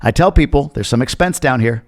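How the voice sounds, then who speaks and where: A man from the United States giving candid, chatty reaction commentary on a travel video, sometimes mimicking loud talk. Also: medium pitch, expressive, a little fast.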